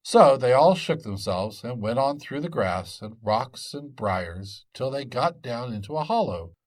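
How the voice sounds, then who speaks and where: A man narrating a folk tale in an expressive storytelling manner. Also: mid-range voice, a little slow. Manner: expressive and lively.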